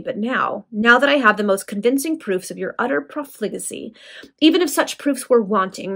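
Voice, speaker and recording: A woman's voice: mid-range voice, creaky. A woman reading aloud, voicing a proud and indignant noblewoman in her own voice. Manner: impatient and indignant.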